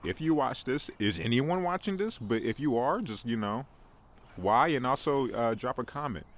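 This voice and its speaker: A man's voice: mid-range voice, animated, normal speed. A young man hosting a casual podcast monologue, rambling and self-mocking, often stammering and repeating words. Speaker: podcast host.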